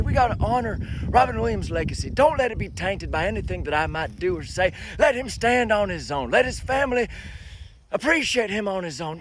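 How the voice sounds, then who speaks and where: High-voiced chatty man with lively pitch. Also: slight background noise. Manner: laughing, chatty, says "man" constantly. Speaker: social media personality. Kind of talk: casual talk to camera. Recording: clip from a social media video.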